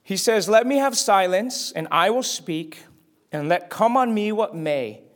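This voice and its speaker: A male pastor delivering a sermon in a fairly high voice. He talks in an easy, conversational way and asks his listeners rhetorical questions. He rises and drops in pitch and loudness to stress his points. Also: expressive, unhurried. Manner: shifts pitch and volume for emphasis.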